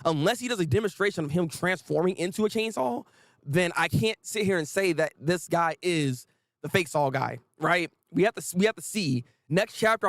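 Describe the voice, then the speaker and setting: A man hosting a live manga reaction, excitable and quick to laugh. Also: a little high, dry recording. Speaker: host.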